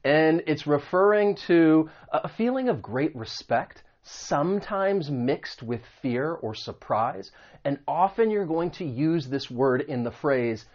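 A man's voice: on the high side, expressive, a little slow, lo-fi sound. A man teaching English vocabulary, explaining meanings and pronunciation patiently with spoken examples. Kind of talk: vocabulary lesson.

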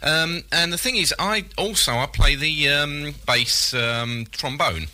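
A man's voice: a little high, slow pace, sharp tone. A man hosting a satirical radio comedy show, sardonic in links and mock-innocent and hesitant on prank calls.

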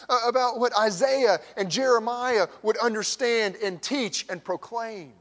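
A man preaching a sermon as pastor, swinging from emphatic raised questions to hushed near-whispers. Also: extremely high pitch, a little slow, few pauses. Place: church sanctuary. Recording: long church hall reverb.

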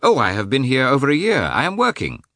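A man voicing Golenishev, a Russian gentleman who speaks with eager, warm politeness. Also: medium pitch, wildly swooping pitch, quick pace, no echo, studio quality, pitched above the performer's own voice. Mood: delighted. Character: Golenishev, a Russian man, liberal former schoolmate.

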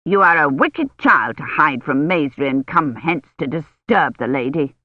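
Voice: mid-range voice, expressive, unhurried, no room sound, muffled recording, voice pushed down. A reader voicing a stern, disapproving old medieval noblewoman who speaks curtly and scolds. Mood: scolding. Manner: curt, scolding. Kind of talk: audiobook character voice.

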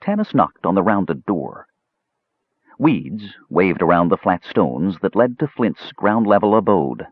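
Deep-voiced, husky male narrator. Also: very animated, unhurried, no echo. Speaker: audiobook narrator. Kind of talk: scripted narration. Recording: dull, muffled recording.

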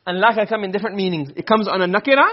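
A man teaching Arabic grammar in a classroom, talking fast and fairly high for a man. His comes through, and he keeps firing questions at his students. The recording is muffled and lo-fi. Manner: quizzing students with quick questions. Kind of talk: classroom lesson.

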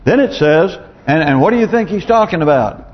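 Guy preaching a sermon, kinda high voice, keeps clearing his throat, muffled old recording. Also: lively intonation, fairly quick. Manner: conversational preaching, rhetorical questions, chuckles to himself. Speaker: pastor. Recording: muffled recording, long church reverb.

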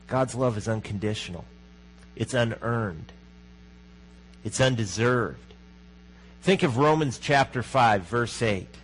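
A man preaching a sermon as pastor, in a conversational manner, often asking the congregation questions and dropping to a hushed voice for emphasis. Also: mid-range voice, lively intonation, takes it slowly, long pauses, a little hiss or hum, poor audio.

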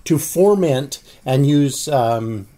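A man in a casual podcast chat who jumps in with quick remarks and plain explanations. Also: mid-range voice, expressive, mellow.

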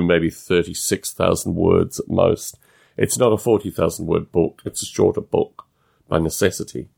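Male podcast host with a non-American English accent, solo monologue, low and gravelly, thinks aloud with restarts. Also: a little mellow. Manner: musing, halting, with frequent restarts.

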